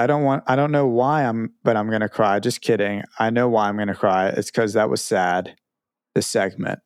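Jokey podcast co-host in casual chat. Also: male voice, fairly low pitch, steady tone, moderate pace, clean tone, dry recording, clean studio sound. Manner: jokey, playfully dramatic.

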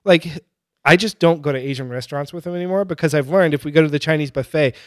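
A man telling a story in casual chat, animated and laughing often as he mimics his dad. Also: a little high, quick pace, no room sound, clean studio sound.

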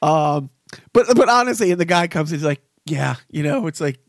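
A man's voice: fairly high pitch, animated, normal speed, dry recording, clean studio sound. A man in his fifties hosting a casual chat, telling rambling stories and laughing often. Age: 50s. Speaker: podcast host.

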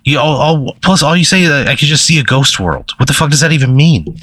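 A man's voice: a little high, expressive, fast, a bit bright. Exasperated, profane man. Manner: exasperated, heavy swearing. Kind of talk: improvised comedy banter.

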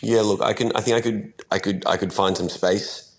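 A stoned man on a phone call, talking slowly and losing his train of thought. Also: lowish voice, fairly even intonation, breathy edge. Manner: drowsy, slow, rambling, loses his train of thought. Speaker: musician guest on phone call. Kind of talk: casual phone chat.

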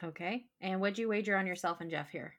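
A woman's voice: mid-range voice, fast talker, fairly bright tone. A woman hosting a casual trivia podcast, reading questions aloud and laughing easily. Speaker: trivia host.

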